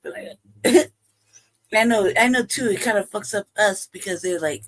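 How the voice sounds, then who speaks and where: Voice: mid-range voice, normal speed, a bit bright. A livestream host telling a personal story casually, heavy with profanity, laughing often and acting out both sides of a conversation. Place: home livestream setup.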